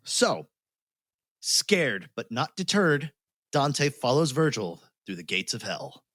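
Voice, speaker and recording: A man's voice: medium pitch, sing-song, slow, fairly bright tone, no echo. A man hosting a podcast, retelling a story in casual chat, laughing often and swearing freely. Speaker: podcast host.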